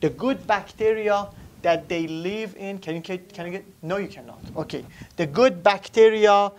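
A man's voice: high voice, normal speed, slight background noise. Man lecturing on anatomy to a class. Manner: quizzes students, repeats terms, writes on a board. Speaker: anatomy instructor.

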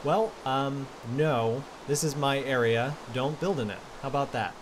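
A man hosting a casual gaming video, chatty and playful, reading out player messages and shouting now and then. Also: mid-range voice, measured pace, background noise. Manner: chatty and playful, bursts into yells. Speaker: Minecraft server host reading player messages.

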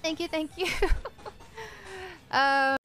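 A young woman streaming a game, excitable, swearing often and laughing between reactions. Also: high voice, drawn-out words, faint music behind. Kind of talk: casual live-stream commentary.

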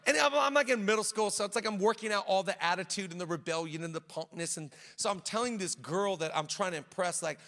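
A man's voice: high-pitched, fast, hardly any pauses, sharp tone. A man preaching a sermon as pastor, telling stories with animation and acting out quoted voices. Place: large church auditorium. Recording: echoey church hall.

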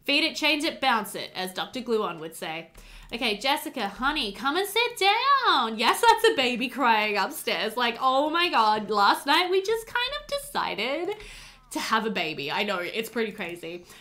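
A woman hosting a casual let's play, chatting excitably to her game characters as she plays. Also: a little high, moderate pace. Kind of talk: casual gameplay commentary.

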